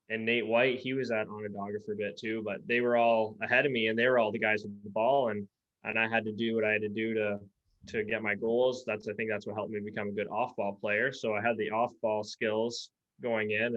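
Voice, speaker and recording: A man speaks in a low voice that stays flat and even, and the audio sounds dull and lo-fi. He is a low-key, matter-of-fact podcast guest who plays pro lacrosse. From Peterborough, Canada. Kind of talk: casual podcast chat.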